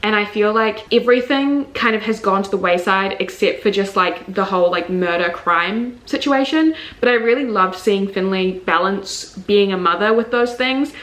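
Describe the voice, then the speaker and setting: A woman's voice: medium pitch, moderate pace, hardly any pauses, a bit bright, roomy sound, poor audio. A young woman with a New Zealand accent, chatting candidly about the books she read, full of fillers and frank asides. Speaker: book reviewer. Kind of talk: casual book review vlog.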